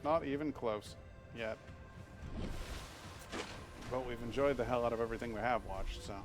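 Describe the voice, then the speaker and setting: A man's voice: mid-range voice, moderate pace, music in the background. A man in his thirties chatting casually while streaming a game, rambling with restarts and frequent swearing. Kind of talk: live game stream commentary.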